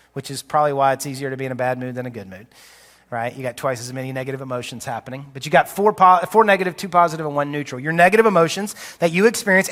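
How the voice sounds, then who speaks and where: High-voiced man preaching in a reverberant hall. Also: a bit bright. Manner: conversational, teaching with quick asides. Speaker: pastor. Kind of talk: sermon. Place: church auditorium. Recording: live church hall reverb.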